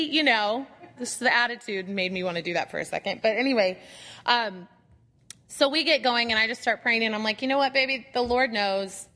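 With a voice on the high side and a slightly fast pace, a woman, likely in her thirties or forties, entertains a Bible study group with a funny tale from her own life. The room sounds large, and she acts out her complaints and asides in an animated, self-mocking way.

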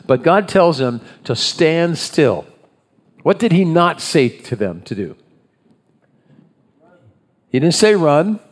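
A man's voice: a little high, very animated, slow, long pauses. A man leading a congregation in prayer and then preaching a sermon, asking the listeners questions as he goes. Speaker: pastor.

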